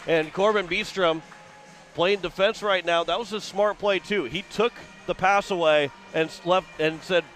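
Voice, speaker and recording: With faint music behind him, a Missouri man gives radio play-by-play of a hockey game in a high, fairly bright voice. His intonation stays fairly even, yet his rapid description climbs as the action develops.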